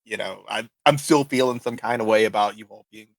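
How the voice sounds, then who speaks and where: A man voicing a secretive adult patron who dodges questions and speaks with quiet menace, recorded close and dry. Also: on the low side, brisk, dry recording, voice pushed down, close to an everyday voice. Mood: defensive.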